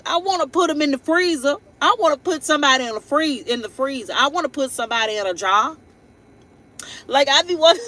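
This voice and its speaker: Woman doing a chatty tarot live, bright punchy voice, blunt and jokey, keeps going you know what i mean. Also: high-pitched, brisk, rough recording. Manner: rambling and chatty, with laughing asides and repeated tag questions; blunt and playful, with slangy everyday speech. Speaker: tarot reader and live-stream host. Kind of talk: casual live-streamed horoscope reading.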